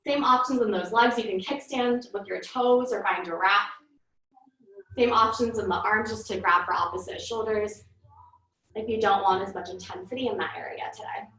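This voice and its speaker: Breathless yoga teacher, bright and roomy. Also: female voice, mid-range voice, normal speed. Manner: calm cueing, breath-paced instructions. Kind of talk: live online yoga class instruction. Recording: echoey room from far off.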